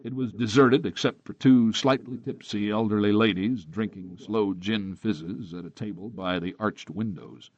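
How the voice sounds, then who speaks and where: A man narrating a crime novel in the first person with a steady, hard-boiled delivery. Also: on the low side, moderate pace, hardly any pauses, dry recording. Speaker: audiobook narrator. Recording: dry, dull close-miked recording.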